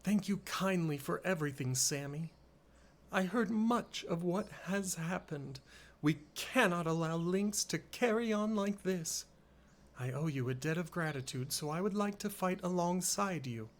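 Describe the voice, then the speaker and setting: A man's voice: sits high, animated, measured pace. A man voicing a courteous, earnest young noblewoman in a formal reading.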